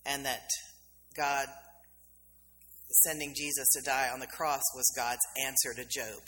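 A woman minister delivers a sermon in a bright, clear voice. She tells the story conversationally and gives each quoted figure its own voice. The sound carries a long hall reverb with faint noise underneath. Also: rumbling low.

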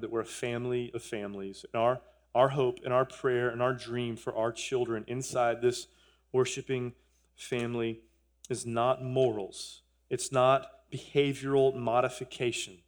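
A man's voice: mid-range voice, level tone, normal speed. A man in his thirties, a pastor, preaching a sermon in church in an earnest way, repeating phrases and joking with the congregation. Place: church sanctuary.

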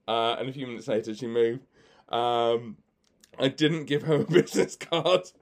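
Male magician hosting a podcast; mid-pitched, chatty storyteller who laughs a lot and acts out other people's lines. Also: normal speed. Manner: chatty, laughs often, many fillers.

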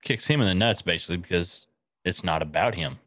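A man's voice: deep voice, brisk, a bit bright. A man co-hosting a casual chat about a show, who laughs often and chimes in with short agreements. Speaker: co-host.

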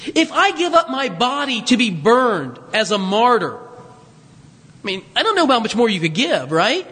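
A man's voice: extremely high pitch, very animated, measured pace, sharp tone, husky, in a large hall. A man preaching a conversational sermon, teaching from scripture with joking asides to his congregation. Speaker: pastor.

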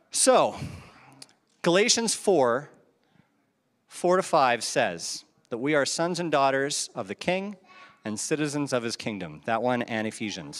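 Animated man preaching in a reverberant hall. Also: on the high side. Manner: conversational preaching, rhetorical questions, chuckles at own asides. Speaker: pastor. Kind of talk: sermon. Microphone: handheld microphone.

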